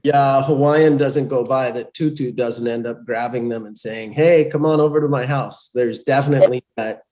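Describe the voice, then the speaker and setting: A man chatting casually on a reunion panel, relaxed, with his voice trailing off quietly at times. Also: mid-range voice, moderate pace. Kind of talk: casual chat.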